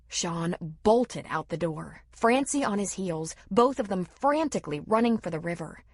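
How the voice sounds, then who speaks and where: A woman narrating an audiobook in a steady, dramatic manner, read close to a studio mic. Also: medium pitch, breathy edge, no room sound. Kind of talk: scripted narration.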